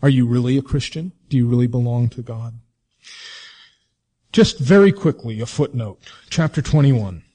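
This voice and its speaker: A male preacher delivering a sermon, with expressive, drawn-out emphasis and rhetorical questions. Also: mid-range voice.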